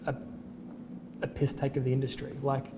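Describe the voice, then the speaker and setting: A man hosting a casual interview, asking chatty questions and nodding along with quick encouragements. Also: medium pitch, monotone, mellow, a little hiss or hum. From Australia. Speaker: podcast host.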